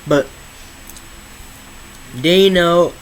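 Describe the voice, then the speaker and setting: Rambling teenage boy, slangy and slow-drawled. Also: a little high, slight background noise, rough recording. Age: teens. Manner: rambling, slangy, repeats words, drawls some phrases slowly. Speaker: YouTuber. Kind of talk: casual vlog monologue.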